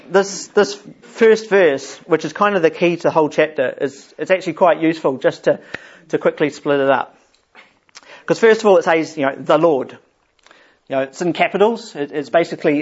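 Guy running a laid-back bible study, kinda high voice, laughs a lot, muffled lo-fi audio. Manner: chatty, chuckles often, friendly asides. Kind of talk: informal Bible talk to a group.

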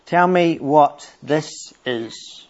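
A middle-aged man preaching a sermon, explaining scripture earnestly and reading verses aloud slowly. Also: fairly high pitch. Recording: dull lo-fi church recording.

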